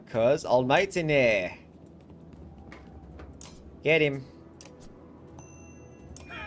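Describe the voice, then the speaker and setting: A man plays through a strategy game on stream, chatting wryly to viewers. His pitch rolls lively up and down, with faint music playing underneath. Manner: chatty, wry, laughs often. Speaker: gaming streamer. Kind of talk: casual let's-play commentary.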